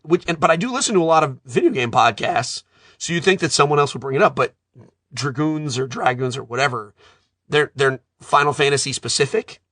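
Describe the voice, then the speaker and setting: Bright-voiced man telling animated stories. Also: fairly high pitch, brisk, no echo, clean studio sound. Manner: animated storyteller, self-described nerd. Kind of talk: casual chat.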